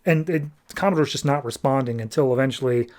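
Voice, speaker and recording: A man's voice: mid-range voice, fast talker, darkish tone. A young man hosting a podcast, recapping a comic book in a loose, chatty way and acting out characters' lines. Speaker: podcast host.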